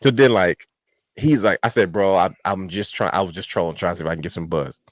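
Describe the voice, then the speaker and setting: A man co-hosting a wrestling podcast, telling a long-winded story with animated quotes. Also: low-pitched, quick pace, dry recording. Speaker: podcast co-host. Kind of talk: casual chat.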